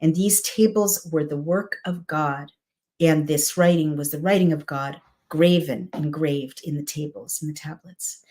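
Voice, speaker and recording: In a low, steady, mellow voice, a woman reads scripture aloud at a measured pace. Between verses she drifts into thoughtful personal remarks, sprinkling in asides like "right?" and "you know."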